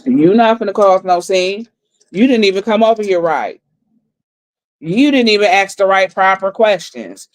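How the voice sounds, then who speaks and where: Brief: blunt livestreamer retelling a night out, mid-pitched, dry close sound. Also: animated, normal speed, no echo. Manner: blunt and profane, repeating lines for emphasis. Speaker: livestream host. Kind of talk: heated storytelling recap.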